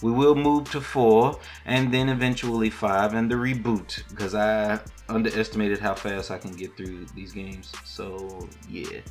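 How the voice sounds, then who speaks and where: A man's voice: on the low side, fairly even intonation, unhurried, hardly any pauses, soft background music. A man hosting a gaming podcast, talking in a laid-back, rambling, slangy way as he signs off. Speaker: podcast host. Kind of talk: casual podcast sign-off.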